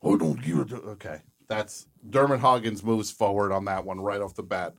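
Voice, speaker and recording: A man hosting a casual comedy chat show, deadpan and joking, with bursts of loud laughter. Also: fairly low pitch, moderate pace. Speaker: host.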